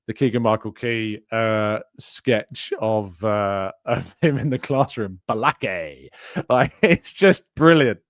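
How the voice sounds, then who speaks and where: This English podcast host, whose voice sits on the low side, loosely chats through a live fan show, laughing a lot while reading out comments from viewers. The audio is clean studio sound with no echo.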